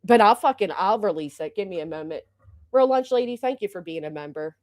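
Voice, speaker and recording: Fairly quick and expressive, this livestream host has a darkish, mid-range voice captured in clean studio sound with no echo. She's upset, pouring out an indignant rant full of profanity.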